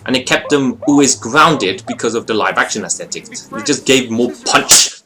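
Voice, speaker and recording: A young man giving a casual, rambling video review of a friend's short film, expressive and full of fillers. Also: medium pitch, moderate pace, crowd noise.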